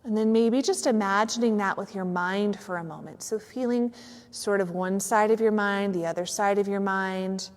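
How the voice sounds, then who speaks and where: A woman's voice: mid-range voice, in a large hall. Soothing woman leading yoga nidra. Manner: soft, slow, soothing guidance with some fillers. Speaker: yoga teacher. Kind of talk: guided yoga nidra relaxation. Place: yoga studio on a cold evening.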